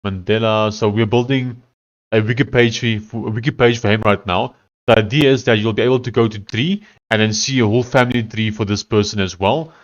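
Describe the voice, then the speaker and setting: A man's voice: fairly low pitch, fairly even intonation, fairly quick, lo-fi sound. A man chatting casually while he codes and tests his app, thinking aloud as he goes. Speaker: developer streaming his coding session. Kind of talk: casual live-coding chat.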